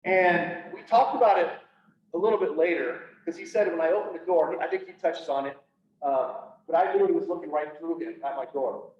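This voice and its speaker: Earnest man telling his story in an echoey hall. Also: fairly high pitch. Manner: earnest, halting, with frequent restarts. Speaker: public speaker on PTSD. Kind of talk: personal storytelling talk. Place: event room, speaking to an audience. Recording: echoey room, voice from far off, dull sound.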